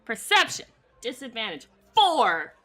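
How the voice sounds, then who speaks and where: A woman's voice: on the high side, big pitch swings, unhurried, sharp tone, soft background music. A woman playing a tabletop game in a playful, teasing, giggly way. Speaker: player.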